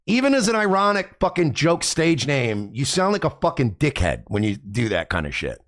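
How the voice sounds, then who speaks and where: A man's voice: fairly high pitch, wildly swooping pitch, moderate pace, a bit bright. A man hosting a podcast, ranting crudely and mockingly as he comments on clips. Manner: profane, mocking, rambling rant. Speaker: podcast host.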